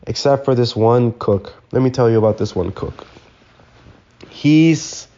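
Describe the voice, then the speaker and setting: A young man hosts a podcast solo, rambling through a story in loose, slangy talk and swearing freely. His mid-range voice has a dark tone, and the sound is lo-fi.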